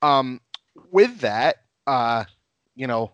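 A man hosting a casual podcast, relaxed and laughing often, with plenty of fillers. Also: mid-range voice, extremely slow, no room sound, dull audio. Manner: laid-back, laughs often, many fillers. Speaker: podcast host.

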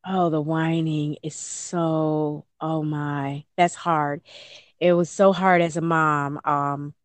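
A woman, an early childhood educator, answering interview questions in a casual, animated way, often slipping into playful high voices. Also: slow, no room sound.

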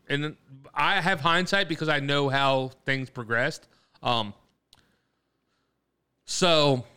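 A man's voice: a little high, bright, forceful tone, clean tone. A man co-hosting a casual podcast, telling a story in a rambling way, laughing often and swearing casually. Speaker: podcast co-host.

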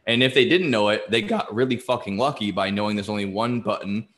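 A man's voice: lowish voice, a little fast, a bit bright. A man co-hosting a casual true-crime podcast, telling the story with swearing and laughter. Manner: profane, storytelling, laughs often. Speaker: podcast co-host.

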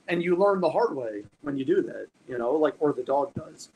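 A man talks dog training in a loose, animated podcast chat, swearing freely and leaning on everyday comparisons. His voice sits a touch high for a man. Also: moderate pace, few pauses, a little hiss or hum, low-quality recording.

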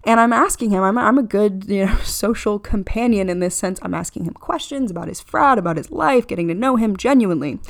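A young woman hosts her own podcast, recounting a night out in a loose, candid, conversational ramble. She slips into lively voices whenever she quotes someone, then drops back to her easy, middle-pitched chatter. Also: brisk, creaky, hardly any pauses. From Florida. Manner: chatty, candid, animated quoting of others. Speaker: podcast host. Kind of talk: casual storytelling monologue.

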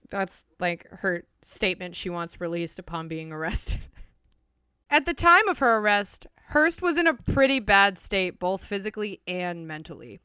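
A woman's voice: medium pitch, sing-song, normal speed, sharp tone, clean tone, no echo, studio quality. A young woman co-hosting a podcast, retelling a true-crime case from notes with chatty asides. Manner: reads notes with chatty asides and frequent laughter. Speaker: podcast co-host. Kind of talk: casual true-crime storytelling.

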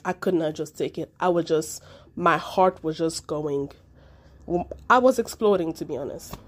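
A woman's voice: fairly low pitch, a little mellow. A woman from Africa hosting a solo commentary podcast, talking with passion and repeating words for emphasis. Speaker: podcast host.

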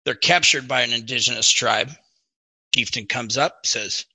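A man's voice: medium pitch, normal speed, vocal fry, bright, forceful tone, breathy edge, no echo, rough recording. A man casually telling jokes among friends. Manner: laughs at his own jokes. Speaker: joke teller.

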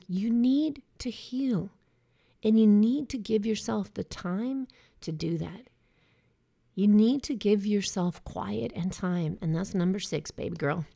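A woman's voice: mid-range voice, vocal fry, dark tone. A middle-aged woman life coach giving a direct, emphatic motivational talk that mixes in casual swearing. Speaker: breast cancer survivor and life coach. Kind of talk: motivational monologue.

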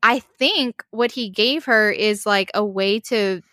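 Woman co-host, bright tone, dry close sound; casual, emotional recap full of fillers. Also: medium pitch, slow, dry recording. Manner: emotional, gushing, many "like"s and restarts. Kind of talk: casual chat recapping a show.

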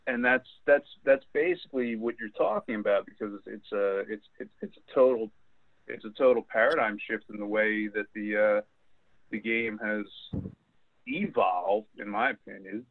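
A man's voice: fairly low pitch, moderate pace, vocal fry, no echo. A man in casual sports talk, rambling through stories with many repeated words and fillers. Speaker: co-host. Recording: tinny phone-like line.

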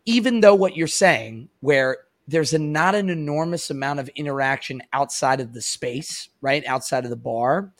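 A man's voice: mid-range voice, no room sound. Chatty man in his thirties hosting. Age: 30s. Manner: chatty, rambling, swears casually. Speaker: podcast host. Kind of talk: casual chat.

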